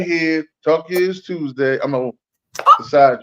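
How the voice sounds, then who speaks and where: Philly guy hosting a podcast, laid back and chatty, kinda high voice, muffled lo-fi sound. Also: slow pace, pushed and bright. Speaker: podcast host. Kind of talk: casual chat. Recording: dull lo-fi stream audio.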